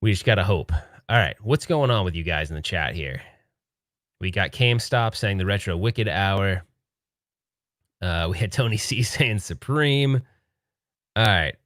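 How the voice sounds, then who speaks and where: Low-voiced male streamer, hushed casual chat that keeps breaking into laughs, dry room. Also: a little slow, pauses often, dry recording. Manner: laughing, joking, excitable but hushed. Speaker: livestream host. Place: home room at night.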